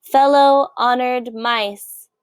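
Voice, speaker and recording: A woman voicing a pompous, stern old male head mouse who shouts and drags out his words. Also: high-pitched, steady tone, drawn-out words, clean tone, no room sound, voice pushed up. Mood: stern alarmed.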